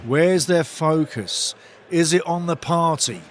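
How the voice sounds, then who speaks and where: Guy hosting a footy watch-along, bit high voice, gets fired up and partisan, chats to viewers. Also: takes it slowly, slight background noise. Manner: partisan, excitable, talks to chat viewers. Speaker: host of a live match watch-along. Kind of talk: live football watch-along commentary.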